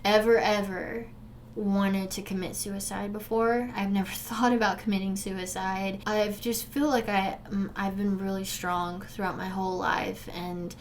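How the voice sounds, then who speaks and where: A young woman speaks straight to her viewers in an earnest, emotional vlog. Her voice sits at a middle pitch and moves between forceful urging and soft, hushed recollection. A faint room hum sits behind her. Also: flat delivery, a little slow. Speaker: vlogger sharing a personal story. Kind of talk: candid direct-to-camera storytelling.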